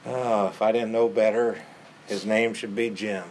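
A man's voice: fairly low pitch, steady tone, measured pace, darkish tone, a little hiss or hum. A man preaching a sermon in an earnest way, repeating phrases for emphasis.

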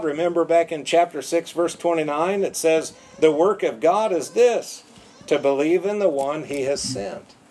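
Male preacher, slightly high voice, emphatic and repetitive, light room noise. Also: a little mellow, low-quality recording. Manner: emphatic, repeats words for stress. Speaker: pastor. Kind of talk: sermon.

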